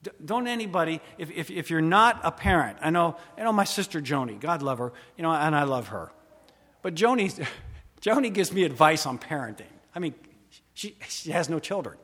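A man preaching in a large hall, his slightly high voice ringing out with a long reverb tail. He preaches with drama, rising to loud emphasis and then dropping to hushed, intimate asides. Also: animated, moderate pace. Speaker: pastor. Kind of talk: sermon.

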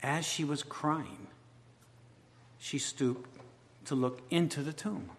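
A man preaches a sermon in a church sanctuary, his voice sitting a little high for a man. He drops to hushed, intimate storytelling, then builds to loud, impassioned runs. Long reverb from the hall trails after his words. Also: fairly even intonation, slow.

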